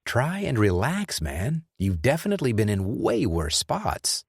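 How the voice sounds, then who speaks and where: A composed former soldier talks his way out of trouble politely and calmly, as a male narrator voices him. The voice is deep, lifted only a little, and recorded dry and close. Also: unhurried, husky, dry recording, exaggerated voice. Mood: chiding. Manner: calm, polite. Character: calm male ex-soldier adventurer, steady and in control.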